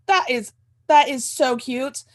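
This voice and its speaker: A woman's voice: high-pitched, slow pace. A woman hosting a casual livestream chat, gushing and repeating herself. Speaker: host.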